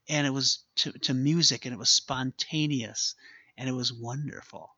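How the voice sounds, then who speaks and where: A man's voice: medium pitch, steady tone, normal speed, bright, forceful tone, dry recording, lo-fi sound. A man preaching a sermon as a pastor, earnest and emphatic, repeating his key phrases for weight.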